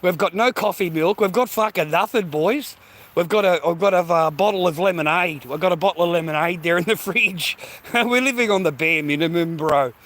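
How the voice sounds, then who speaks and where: An Australian man rants casually while vlogging on foot outdoors, his high voice brisk and fairly bright. He rambles in profane slang and sounds slightly out of breath.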